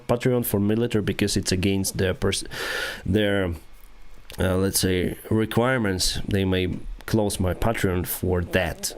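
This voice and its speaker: A man with a Ukrainian accent, hosting a casual livestream and answering viewers, with halting speech and frequent restarts. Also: deep voice. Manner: halting, many restarts and fillers, reads comments aloud. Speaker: airline pilot and livestream host. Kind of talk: casual livestream chat reading viewer comments.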